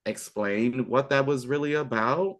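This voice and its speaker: A man's voice: mid-range voice, unhurried, a bit bright. Brief: young man, podcast guest, chatty, enthusiastic, lots of ums and restarts. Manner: chatty and enthusiastic, trailing fillers. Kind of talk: casual chat.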